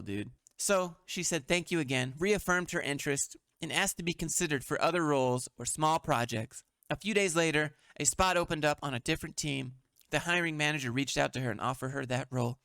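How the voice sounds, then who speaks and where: Man, blunt and mocking commentary host, slightly high voice, dry close-mic sound. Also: bright, forceful tone, no echo. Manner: blunt and mocking, with frequent swearing. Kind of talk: sarcastic meme commentary.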